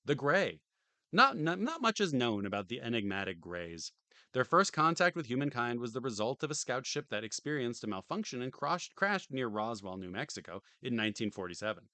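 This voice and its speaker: A man's voice: medium pitch, sing-song, fairly quick, pushed and bright, no echo. A tired man streaming from home, reading a game manual aloud on a close desk mic and tossing in dry joking asides. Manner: dry, joking asides between read passages.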